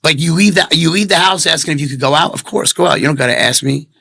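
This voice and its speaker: Brief: male interviewee, defensive and rambling, fairly high voice, dry close mic. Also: quick pace, gravelly, pushed and bright, no room sound. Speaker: interviewee telling his side of a breakup. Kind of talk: emotional confessional interview.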